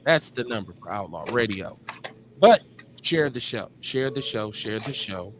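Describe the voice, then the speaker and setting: A middle-aged man with a Midwestern US accent, hosting a live call-in show in a relaxed, slangy way and repeating his phrases. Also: fairly low pitch, unhurried, a little hiss or hum. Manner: laid-back, slangy, drawls and repeats phrases. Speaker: radio show host.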